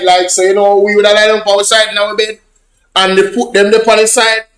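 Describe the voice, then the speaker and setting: A social media vlogger with a Jamaican accent casually tells his online viewers rambling, repetitive stories in patois. His voice is high and fairly bright, with little pitch movement and a quick pace, in an echoey room.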